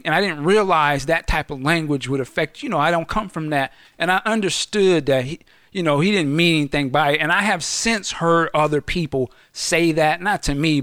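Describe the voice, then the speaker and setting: A middle-aged man telling a story in casual podcast chat, slangy and swearing, acting out the quotes loudly. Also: medium pitch, no room sound, studio quality.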